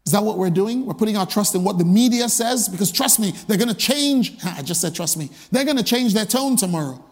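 A man's voice: high-pitched, brisk, long reverb tail. A male pastor preaching a sermon, emphatic and full of rhetorical repeated questions.

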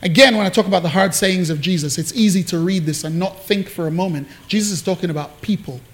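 Male pastor, higher-pitched voice, conversational sermon delivery, playful asides, frequent repeats and restarts. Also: fast talker. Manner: conversational, joking with the congregation; repeats and restarts while searching for words.

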